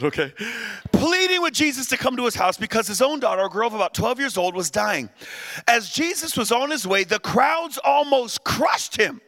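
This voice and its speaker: Bright, animated male preacher. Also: extremely high pitch, moderate pace. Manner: animated, humorous, shouts at peaks, invites responses. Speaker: guest preacher. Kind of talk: sermon.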